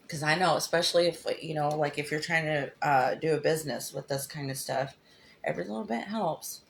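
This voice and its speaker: A woman's voice: deep voice, slight background noise. A middle-aged woman hosts a crafting livestream, chatting affectionately and greeting viewers by name while she demonstrates.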